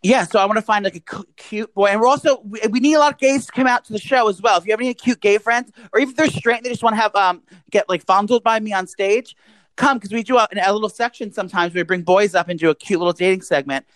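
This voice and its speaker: A man's voice: high voice, fast, fairly bright tone, dry recording, poor audio. Young east coast guy cohosting a podcast, crude jokey rambling, dry close mic. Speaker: podcast co-host. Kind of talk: casual chat.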